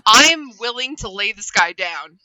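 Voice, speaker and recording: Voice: medium pitch, animated, unhurried, sharp tone, clear, resonant tone, poor audio. A player in a casual tabletop game, joking and laughing often.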